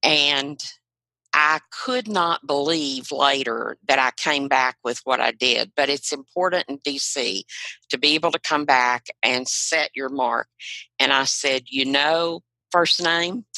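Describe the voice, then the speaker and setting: A woman's voice: rumbling low, measured pace, pushed and bright, no echo, poor audio. An older woman from South Carolina and Arkansas with a Southern US accent, telling frank stories as a podcast guest. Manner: frank, anecdotal, proud of her accent. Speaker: guest, retired non-profit leader. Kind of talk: storytelling in a podcast interview.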